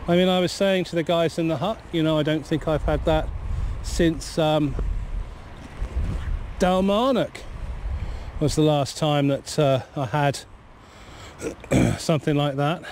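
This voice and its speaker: A man's voice: fairly high pitch, a little slow, long pauses, darkish tone, a little hiss or hum. A man with a cold, vlogging casually and rambling cheerfully outdoors by a river in bad weather, talking to a camera mic. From Cornwall. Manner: chatty, rambling, easily amused. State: has a cold. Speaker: fishing vlogger. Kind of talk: casual outdoor vlog narration.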